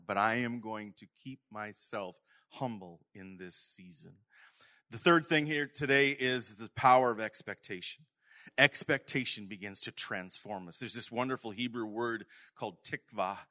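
A middle-aged male pastor preaching a sermon earnestly to his congregation, sometimes falling to a soft whisper. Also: medium pitch. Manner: earnest, drops to soft whispers when quoting God.

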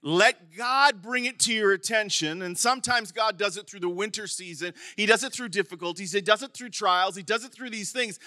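A middle-aged man preaching a sermon as pastor, animated, with sudden emphatic bursts and some stumbling over words. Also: sits high, fairly quick, hardly any pauses, no room sound, clean studio sound. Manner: stumbles and repeats words at times.

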